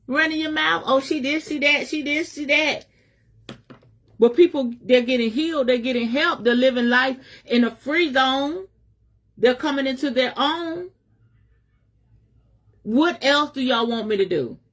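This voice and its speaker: A woman's voice: sits high, fairly bright tone. A middle-aged woman, a spiritual advisor giving a fiery, emphatic live message with a preacher's cadence, speaking in African American Vernacular English and swearing freely.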